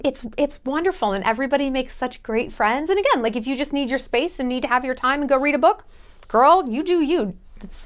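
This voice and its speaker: A woman travel vlogger giving casual advice in a blunt, jokey, sometimes profane way. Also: high voice.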